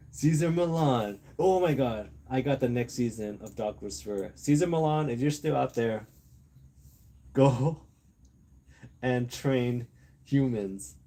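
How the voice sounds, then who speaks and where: A man hosting a casual livestream, rambling through random topics with viewers, laughing often and brainstorming out loud. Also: mid-range voice. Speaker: livestream host.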